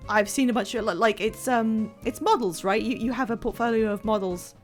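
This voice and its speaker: A woman chatting casually on a live stream while playing a game, excitable and self-deprecating, rambling from one thought to the next. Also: on the high side, brisk, faint music behind. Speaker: livestreamer playing a video game.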